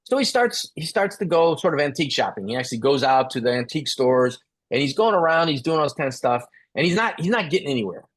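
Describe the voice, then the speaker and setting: A man's voice: fairly high pitch, quick pace. A middle-aged man speaking as the expert at a business talk, telling a story and acting out the dialogue. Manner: animated, acts out dialogue.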